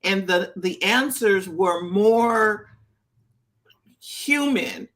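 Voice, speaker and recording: A woman's voice: medium pitch, lively intonation, very slow, fairly bright tone. A woman co-hosting a casual business chat, reading out viewer comments and chatting with some hesitation. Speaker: co-host. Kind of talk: casual live-stream chat.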